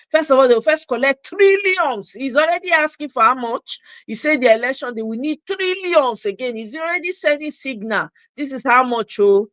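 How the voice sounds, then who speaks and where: A woman's voice: a little high, dry recording. A woman with a Nigerian accent hosting a live political commentary show, ranting passionately and slipping Pidgin into her English. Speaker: host.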